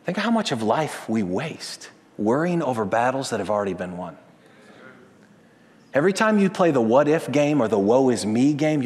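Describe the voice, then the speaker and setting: A man in his thirties preaching a sermon, telling stories with animation and swinging from loud to hushed. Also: medium pitch. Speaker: pastor. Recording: long hall reverb.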